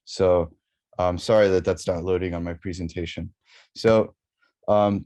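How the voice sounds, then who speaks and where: Junger Mann, zögernd, tiefe Stimme. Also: male voice, lowish voice, darkish tone. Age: young adult. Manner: hesitant, many fillers and restarts, apologetic. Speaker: undergraduate student presenter. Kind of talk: academic research presentation.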